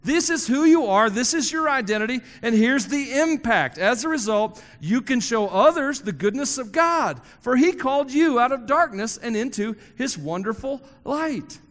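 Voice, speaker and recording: A man's voice: extremely high pitch, expressive, normal speed, few pauses, a bit bright, big-room sound. A man preaching a sermon to a congregation, joking with the crowd and emphatically repeating key phrases. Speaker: pastor. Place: church hall before a congregation.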